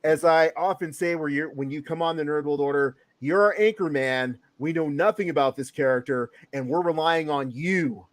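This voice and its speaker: A man's voice: a little high, normal speed, few pauses. Hyped man hosting a podcast. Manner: hyped, announcer-style introductions. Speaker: podcast host. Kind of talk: casual podcast chat.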